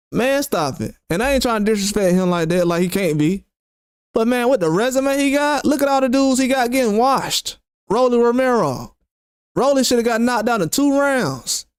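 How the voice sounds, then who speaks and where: High-voiced man ranting about boxing. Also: clear, resonant tone, no echo, studio quality. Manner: animated, mocking, quotes critics sarcastically. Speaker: boxing channel host. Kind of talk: opinionated commentary rant.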